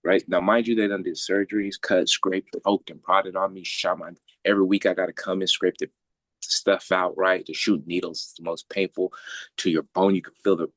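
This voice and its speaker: A man's voice: low voice, moderate pace, dry recording. A man telling a long personal story in casual talk, swearing freely and acting out the voices of the people in it. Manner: animated, swears freely, acts out quoted voices.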